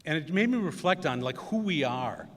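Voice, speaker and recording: The middle-aged man from Wisconsin has a voice on the high side, a bit bright, with lively intonation and normal speed. Giving a commencement speech in a large hall that adds long reverb, he tells loose stories full of fillers and acted quotes.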